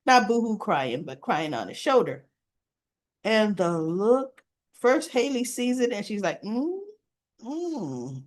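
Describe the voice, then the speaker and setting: A woman's voice: medium pitch, expressive, a little slow. A woman casually retelling soap opera scenes to her viewers, chatty and informal. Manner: chatty storytelling, retelling scenes with quoted dialogue. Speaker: soap opera recap vlogger. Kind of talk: casual spoken episode recap.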